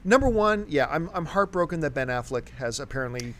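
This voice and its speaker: A male host chatting about films in a lively, swinging voice that sits a little high for a man. He keeps the talk moving, brings in each topic and asks viewers for their thoughts. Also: a little fast. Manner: animated, steers the discussion. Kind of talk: casual movie chat.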